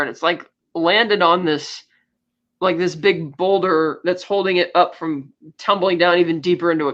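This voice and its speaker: A woman co-hosting a podcast casually recaps a film's plot, chatty and full of fillers and restarts. Her lowish voice is a bit bright, with the highs cut off.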